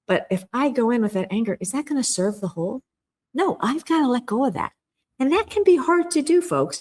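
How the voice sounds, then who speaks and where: A middle-aged woman with a fairly low voice appears as a podcast guest, earnestly and emphatically explaining a communication skill. She acts out quoted inner voices as she goes.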